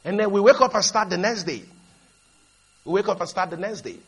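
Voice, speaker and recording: A man preaching a sermon, leading the congregation to repeat his lines and building up to shouted emphasis as he tells stories. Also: high voice, expressive, fairly quick. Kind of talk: sermon with call-and-response.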